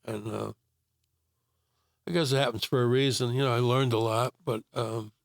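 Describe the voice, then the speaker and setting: An older man with a gravelly, rough-edged voice tells his story in a relaxed, rambling way, full of pauses and fillers. He is recorded close on a dry mic with no room sound. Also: mid-range voice, no room sound. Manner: rambling storytelling with many fillers and acted-out quotes. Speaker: guest telling his faith story. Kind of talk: casual testimony interview.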